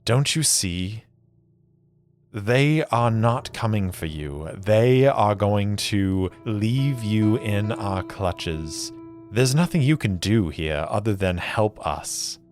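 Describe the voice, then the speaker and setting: A man's voice: fairly low pitch, animated, slow pace, darkish tone, faint music behind. A man voicing a stern, resolute warrior-agent who speaks firmly and intimidates. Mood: persuasive.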